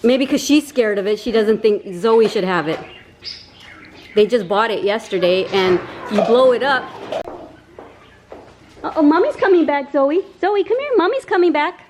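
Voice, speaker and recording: A woman in her fifties, a grandmother, vlogging at home and cooing at her grandchildren in excitable, sing-song baby talk. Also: on the high side, normal speed, pauses often, slight background noise. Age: 50s. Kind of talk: casual home vlog, talking to grandchildren.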